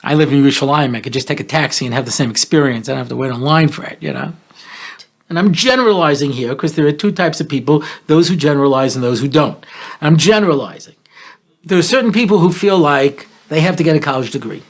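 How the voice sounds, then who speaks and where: A man in his sixties hosting a talk show, telling jokes and stories with deadpan punchlines. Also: a little high, quick pace. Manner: joking, deadpan punchlines, playful storytelling. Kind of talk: comedic talk show monologue.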